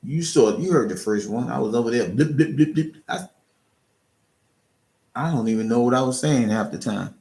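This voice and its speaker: A man's voice: mid-range voice, expressive, normal speed, creaky, pauses often, a little mellow. A man streaming live, giving casual, earnest encouragement to his chat, often restarting and repeating words. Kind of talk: casual motivational talk.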